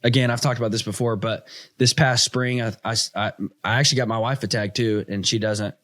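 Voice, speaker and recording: A man in his thirties hosting a casual chat, telling hunting stories with lively, slangy energy. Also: lowish voice, brisk, no echo, studio quality. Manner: animated storyteller, says "dude" and "stinking". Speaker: podcast host.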